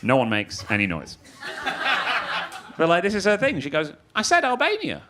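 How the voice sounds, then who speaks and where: A man's voice: fairly high pitch, very animated, moderate pace, background noise. A man in his thirties from Manchester with a Mancunian accent, doing a stand-up set in a dry, sardonic way and chatting with the crowd. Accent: Mancunian English. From Manchester, England. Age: 30s. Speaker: stand-up comedian. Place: comedy club stage. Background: loud audience laughter and applause.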